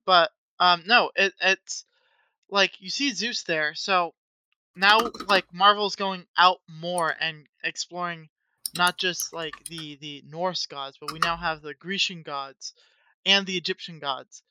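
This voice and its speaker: A woman co-hosting a podcast, talking in an excitable, chatty way with lots of "like" and "um". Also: fairly low pitch, takes it slowly, slight background noise. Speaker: podcast co-host. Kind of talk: casual chat.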